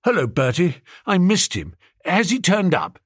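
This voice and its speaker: A man voicing a cheerful, chummy young gentleman who talks in a breezy way. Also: high voice, wildly swooping pitch, a little slow, slightly rough, no room sound, clean studio sound, voice pushed up, full character voice.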